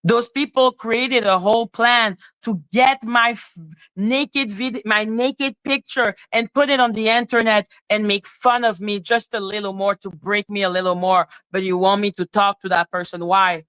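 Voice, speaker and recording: A woman's voice: medium pitch, fairly even intonation, moderate pace, a bit bright, clear, resonant tone, no echo. Heated, profane woman streamer. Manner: heated, profane, repeats herself. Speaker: live streamer. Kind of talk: angry livestream rant.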